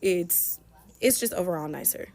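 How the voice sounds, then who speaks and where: A woman's voice: lowish voice, moderate pace, creaky, a little mellow. A woman in a chatty, casual storytelling manner. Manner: chatty, conversational. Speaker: vlogger telling a story.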